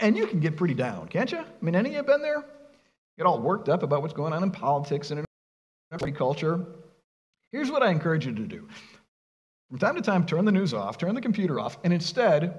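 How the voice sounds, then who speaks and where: A male pastor with a fairly high voice preaches in a lively, sing-song way, his pitch rising and falling widely. He talks casually and keeps asking his listeners rhetorical questions. A long reverb trails behind his words, as in a large church sanctuary. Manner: animated, conversational, with rhetorical questions. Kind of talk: sermon.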